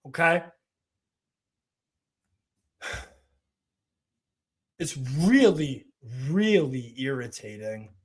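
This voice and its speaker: A man hosting a live watch-along stream, giving casual commentary in a profane, ranting, mocking way. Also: on the high side.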